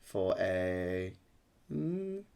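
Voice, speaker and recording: A man acting as dungeon master, narrating a tabletop game in a relaxed, rambling way with many pauses and ums. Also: low-pitched, vocal fry, smooth.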